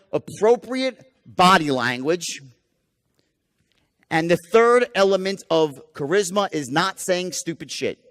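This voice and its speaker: A man's voice: a little high, a bit bright. A man giving a live sales training seminar, emphatic and profane, firing rhetorical questions at the audience. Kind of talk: live motivational seminar lecture. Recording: long hall reverb.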